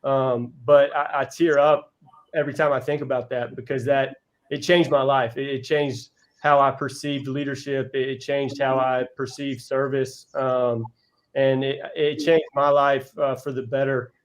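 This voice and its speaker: A man of ordinary pitch tells stories as a podcast guest, earnest and heartfelt. He talks casually, restarting phrases as he goes. His voice sits in a plain middle range. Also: level tone, moderate pace. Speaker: guest, college basketball head coach. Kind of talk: casual podcast interview storytelling.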